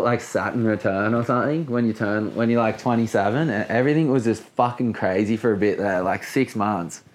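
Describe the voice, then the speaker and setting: A surfer in his late twenties with an Australian accent and a fairly low voice tells a story as a guest. He's casual and laid-back, with lots of swearing and filler words.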